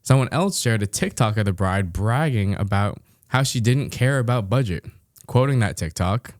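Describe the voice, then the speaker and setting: A man's voice: fairly low pitch, animated, normal speed, a little mellow, dry recording. A young man co-hosting a podcast, reading a listener's story aloud with dry, amused remarks and frequent laughter. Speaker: podcast co-host.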